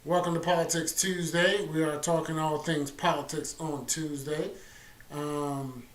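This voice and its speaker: Male host, casual sarcastic commentary, slightly high voice. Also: fairly even intonation, measured pace. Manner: casual, sarcastic, many fillers. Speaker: host of a political talk stream.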